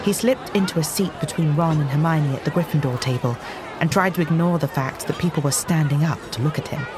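Low-voiced woman narrating a drama. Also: crowd noise. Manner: measured storybook reading. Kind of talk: scripted narration. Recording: clear music underneath.

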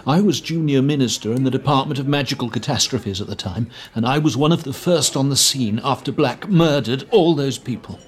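An actor playing a fussy, self-important middle-aged government minister recounting events earnestly. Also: male voice, mid-range voice, brisk, hardly any pauses, lightly acted. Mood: grave.

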